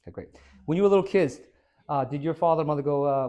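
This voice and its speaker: A middle-aged man with a voice a little higher than most gives an upbeat fitness talk to a small audience. He tells lively anecdotes, switches voices for the people in his stories, and plays up the jokes. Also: fast talker. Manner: animated storyteller acting out dialogue, jokey. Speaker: fitness coach and speaker. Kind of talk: motivational talk to a small group. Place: hair salon, indoors.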